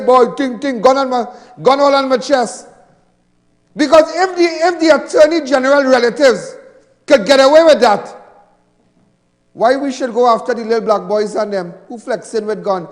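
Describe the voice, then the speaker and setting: A Trinidadian man giving a fiery political rally speech in a large hall, emphatic, mocking and repeating his points. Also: very high voice.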